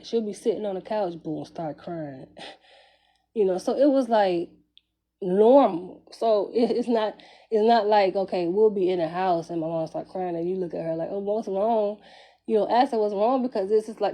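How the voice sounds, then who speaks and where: Warm-voiced woman telling a story. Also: mid-range voice. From Jacksonville, Florida, US. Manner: candid, conversational, swears freely, chuckles between phrases. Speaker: vlogger. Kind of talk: personal storytelling monologue.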